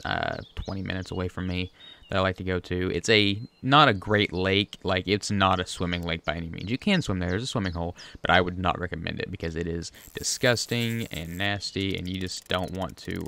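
A man's voice: low voice, lively intonation, brisk, vocal fry, hardly any pauses, sharp tone. A man chatting casually and rambling through gameplay commentary at his home desk, talking to the fish on screen. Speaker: gaming video creator. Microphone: USB desk microphone.

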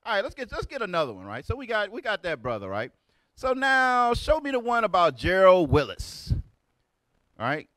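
Animated preaching man, dry close sound. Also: high voice, normal speed, dry recording. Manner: loud, rhetorical, repeats "right?". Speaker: teacher leading a lesson. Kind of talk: street preaching lecture.

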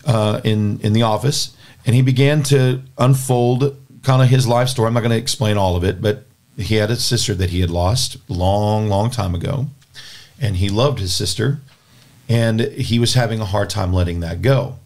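A man's voice: lowish voice, moderate pace, a little mellow. A man hosting a Christian podcast from a studio, telling a story in an earnest, plainspoken way and often restarting his words. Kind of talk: casual spoken storytelling and talk.

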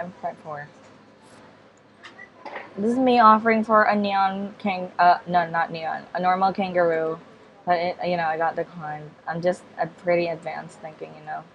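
A woman's voice: fairly low pitch, steady tone, normal speed, lo-fi sound, slight background noise. A woman vlogging casual game commentary, hesitant and rambling, with many fillers, restarts and polite apologies. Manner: hesitant and rambling, many ums and self-corrections; apologetic, repeats polite refusals. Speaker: gaming vlogger.

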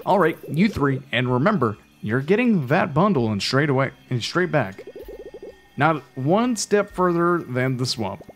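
A man's voice: fairly high pitch, sing-song, a little slow. A man voicing a strict but caring mother animal in a game, with a put-on Brooklyn accent and a firm, instructing manner. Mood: firm motherly.

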